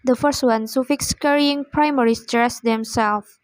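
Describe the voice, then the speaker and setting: A young woman reading a class presentation in a slow, measured way with pauses. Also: on the high side, steady tone, no echo, low-quality recording. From Indonesia. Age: young adult. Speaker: student presenter.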